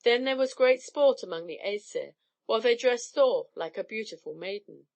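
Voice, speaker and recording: A woman narrating an old myth as an audiobook, in an expressive storybook style. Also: fairly high pitch, moderate pace, creaky.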